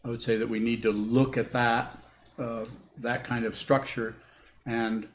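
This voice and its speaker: Male Buddhist teacher, thoughtful and halting, live hall recording with echo. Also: mid-range voice, level tone. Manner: halting, thoughtful, repeats words as he rethinks. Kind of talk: dharma talk answering questions. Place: meditation hall with a group. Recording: echoey room with faint hiss.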